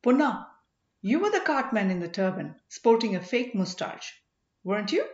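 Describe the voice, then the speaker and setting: A woman's voice: mid-range voice, very animated, normal speed, darkish tone, lightly acted. A woman reading as an eager young prince. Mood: curious. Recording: roomy, dull lo-fi recording.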